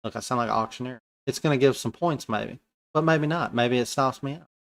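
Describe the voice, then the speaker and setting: A man talking through his futures trades live as they happen. His speech is loose and colloquial, full of slang, and he thinks aloud in a relaxed, conversational way at an ordinary pitch. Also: brisk. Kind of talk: live trading commentary.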